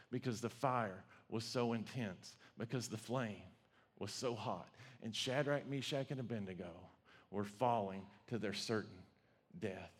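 A male pastor preaching a sermon, telling the story with animated, conversational energy. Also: medium pitch.

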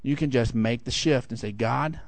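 A middle-aged man preaching a sermon, telling a lively personal story and swinging high for the quoted voices. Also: a little fast, no room sound. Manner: animated storytelling, rising high for acted quotes. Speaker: pastor.

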